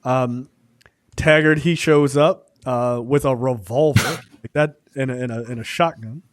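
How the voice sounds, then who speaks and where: A man co-hosting a casual film review podcast, talking loosely with many fillers and acting out scenes in quick quoted voices. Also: mid-range voice, dry recording, studio quality. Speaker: podcast co-host.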